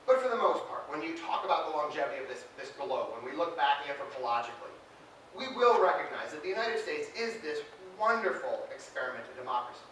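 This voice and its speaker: A man's voice: a little high, a little hiss or hum. Joking man speaking in an echoey hall. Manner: joking, self-deprecating, animated. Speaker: keynote speaker. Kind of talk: conference keynote speech. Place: large hotel conference hall. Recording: echoey hall recorded from a distance.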